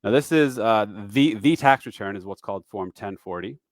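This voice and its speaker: A man's voice: on the low side, normal speed, no echo, studio quality. A man in his forties hosting a casual live-stream lesson on retiree taxes, chatty and self-deprecating, slipping in dad jokes between fillers. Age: 40s.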